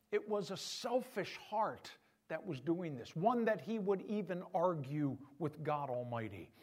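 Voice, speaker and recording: Male pastor, high voice, very animated sermon delivery. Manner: animated, conversational preaching.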